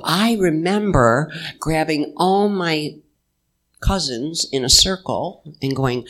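Slow-paced folksy spiritual speaker, conversational, pauses to let ideas land. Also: mid-range voice, a bit bright. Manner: folksy, uses "y'all". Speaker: inspirational speaker. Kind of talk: spiritual talk to a live audience.

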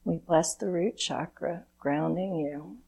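A woman leading a chakra blessing ritual as its spiritual officiant, speaking in a measured, incantatory way. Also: lowish voice, gravelly, warm tone, husky, poor audio. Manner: slow, measured, incantatory delivery.

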